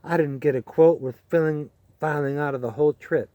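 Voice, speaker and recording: A man voicing a weary, cynical male campaign reporter who talks gruffly and matter-of-factly. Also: on the high side, brisk, no room sound, narrow, tinny audio, natural voice. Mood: gossiping.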